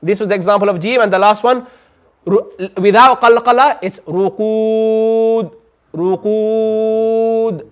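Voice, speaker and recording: High-voiced man teaching a recitation class. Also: a bit bright. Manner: patient, models sounds slowly for the class to repeat. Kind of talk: classroom lesson. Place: community centre classroom.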